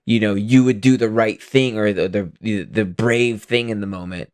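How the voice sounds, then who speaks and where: A man's voice: fairly low pitch, normal speed, a little mellow, smooth, no echo, studio quality. A man talking reflectively in a casual film chat, circling back to his point. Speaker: podcast co-host.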